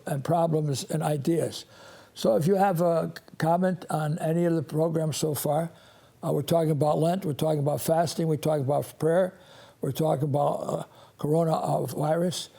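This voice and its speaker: Old guy in his 80s hosting a call-in show, mellow gravelly voice, rambly and halting. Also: fairly high pitch. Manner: halting, with frequent restarts and chuckles.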